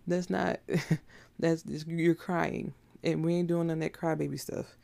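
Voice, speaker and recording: Gravelly-voiced woman preaching bluntly. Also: low-pitched, level tone, a little slow, warm tone. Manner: emphatic, blunt, conversational preaching with rhetorical questions. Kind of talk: informal sermon.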